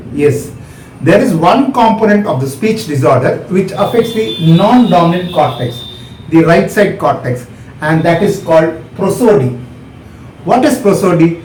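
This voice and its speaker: A man's voice: on the high side, a little mellow, echoey room, a little hiss or hum, poor audio. A man with an Indian English accent giving a step-by-step medical lecture, asking and answering his own questions.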